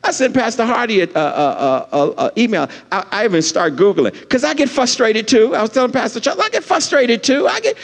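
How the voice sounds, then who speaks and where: High-voiced man preaching in a reverberant church. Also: big pitch swings, brisk, creaky, few pauses. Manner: repetitive call-and-response preaching, asks congregation to repeat. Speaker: pastor. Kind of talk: sermon. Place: church sanctuary. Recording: long church hall reverb.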